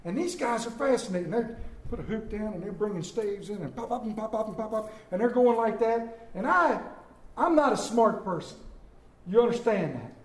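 A man preaching a sermon, telling folksy stories with animated delivery and rhetorical questions to the congregation. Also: high-pitched, normal speed. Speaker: pastor. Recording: echoey room.

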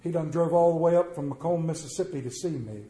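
A man preaching a sermon, telling stories and swinging between quiet and loud delivery. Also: on the high side, fast. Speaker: pastor. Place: church sanctuary. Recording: roomy church echo.

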